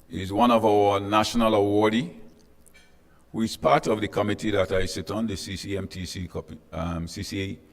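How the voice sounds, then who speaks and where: A man from Tobago with a Tobagonian accent and a lowish voice emcees a formal panel in a hotel conference room, his words trailing off in a long reverb tail. In this ceremonial address, he greets guests chattily and jokes with the crowd in asides.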